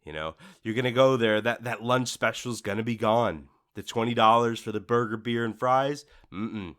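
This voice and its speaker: A podcast host with a mid-range voice talks at a normal speed on his solo show. He rants casually and with animation, acting out the inner voices of customers. He's recorded on a studio microphone.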